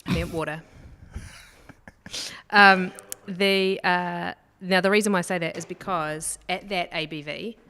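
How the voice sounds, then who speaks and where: Woman guest explaining whisky, kinda low voice, lots of ums, reverby room. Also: fairly even intonation, a little slow, sharp tone, clean tone. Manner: explanatory, chatty, many fillers. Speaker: podcast guest, whisky expert. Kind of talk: casual chat.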